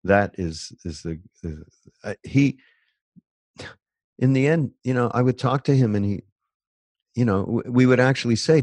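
A man in a casual spiritual conversation, speaking haltingly and searching for words with many restarts. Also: medium pitch, animated, creaky, a little mellow, no echo.

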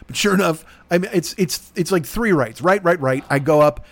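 Exasperated, high-pitched ranting man. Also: brisk, no echo. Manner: animated, exasperated storytelling with mocking impressions. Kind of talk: profane comedic rant.

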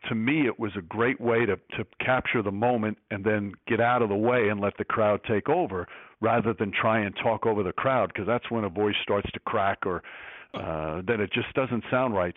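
A man's voice: fairly low pitch, no room sound. A man who works as a sports broadcaster telling stories in a reflective way as an interview guest. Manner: reflective, storytelling. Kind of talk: casual interview. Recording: tinny phone-like line.

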